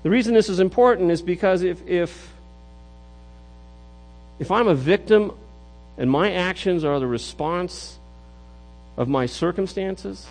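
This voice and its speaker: A man's voice: high-pitched, measured pace, long pauses, soft background music, low-quality recording. A middle-aged man preaching a sermon in an earnest way, often repeating words as he builds a point. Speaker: pastor.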